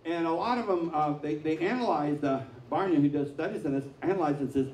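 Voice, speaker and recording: Man, pastor, sermon, conversational storyteller, slightly high voice, distant mic, faint background hum. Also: a little fast, hardly any pauses, darkish tone. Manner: conversational storytelling, acting out quotes. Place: church sanctuary. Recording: echoey room, mic from far off.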